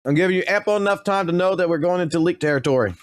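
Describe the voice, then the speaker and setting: A man's voice: high-pitched, very fast, no room sound, clean studio sound. Blunt, foul-mouthed male streamer. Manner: profane and blunt, swears constantly. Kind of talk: casual live-stream talk.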